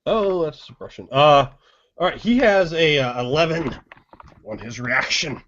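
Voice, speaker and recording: A man running a tabletop horror game as game master, setting scenes slowly and darkly. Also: fairly high pitch, animated, fairly bright tone, slight background noise. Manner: slow, brooding scene-setting. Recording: dull lo-fi recording.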